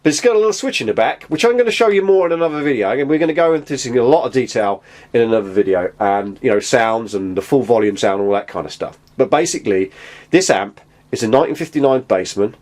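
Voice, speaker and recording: A man's voice: mid-range voice, lively intonation, fast talker, a little mellow. Aussie guy rambling about amp gear, chatty, sounds a bit far from the mic. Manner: rambling, chatty, self-interrupting. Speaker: guitar gear vlogger. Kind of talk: casual chat to camera. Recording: distant from the mic.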